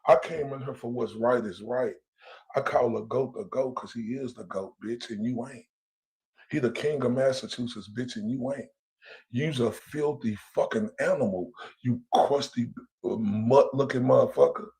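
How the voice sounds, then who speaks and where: A man's voice: mid-range voice, moderate pace, gravelly, a little mellow, breathy edge. A man hosting a livestream, ranting in a profane, taunting, confrontational way. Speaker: livestream host. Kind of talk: heated livestream rant. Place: lives in Dallas, Texas.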